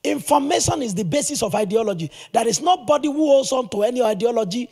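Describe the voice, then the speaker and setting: A male pastor preaching a sermon in an animated, emphatic way, with sudden loud bursts. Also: very high voice, fast talker, husky.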